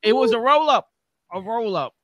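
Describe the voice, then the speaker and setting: A man's voice: very high voice, animated, moderate pace, a bit bright, no room sound. A man, a wrestler, telling stories in casual chat, stammering and swearing a lot. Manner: profane, stammering storyteller.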